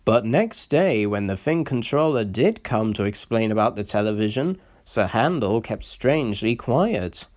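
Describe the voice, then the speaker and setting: A man narrating a children's storybook in an expressive storytelling manner. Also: on the low side, a little slow, few pauses. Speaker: reader.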